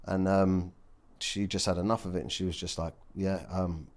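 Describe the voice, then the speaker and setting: Low-voiced man, blunt and emotional. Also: level tone, normal speed, a little mellow. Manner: blunt and emotional, swears freely. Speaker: podcast guest. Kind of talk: candid casual chat.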